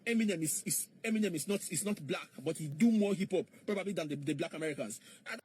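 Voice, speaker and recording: A man's voice: high-pitched, fast talker, darkish tone, slight background noise. A man in a played clip, mockingly repeating questions in an argumentative monologue.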